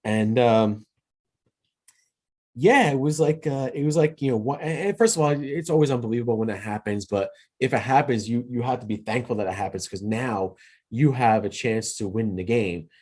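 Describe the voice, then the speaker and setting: A man's voice: medium pitch, normal speed, a little mellow. A man hosting a podcast, giving a casual solo movie review. He rambles, retells scenes loosely with many restarts, and speaks in an earnest, sentimental way. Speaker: podcast host.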